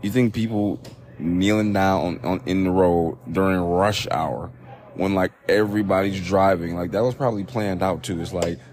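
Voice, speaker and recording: A man's voice: low-pitched, steady tone, normal speed, a little mellow. Profane, incredulous man ranting on a phone mic. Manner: profane, incredulous, rambling with restarts. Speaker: podcast host. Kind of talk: solo podcast commentary, reading news.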